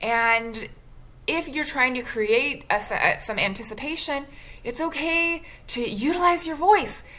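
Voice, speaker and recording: A woman speech instructor giving a recorded lecture on delivery, talking in a conversational, expressive way with a few restarts. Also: high-pitched, a little slow.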